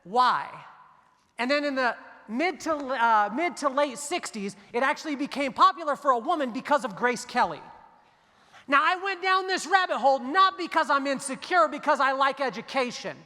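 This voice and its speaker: A man's voice: very high-pitched, sharp tone. A man giving a motivational keynote speech on stage, telling stories and joking with the audience. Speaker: keynote speaker. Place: large hall on stage. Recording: long hall reverb.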